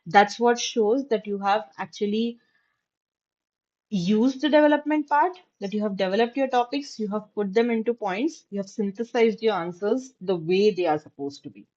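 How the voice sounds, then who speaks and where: A woman's voice: medium pitch, normal speed, darkish tone, lo-fi sound. A woman teacher giving a class lecture, stressing key words and often checking that students follow. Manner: emphatic, repeats key words, checks understanding.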